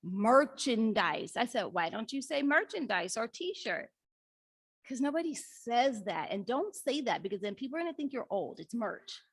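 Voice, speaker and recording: A middle-aged woman giving a conference workshop talk, telling lively stories and acting out conversations with her teenage daughter. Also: fairly high pitch, normal speed, husky, no room sound. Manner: animated storyteller, acts out dialogue with her daughter. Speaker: workshop speaker.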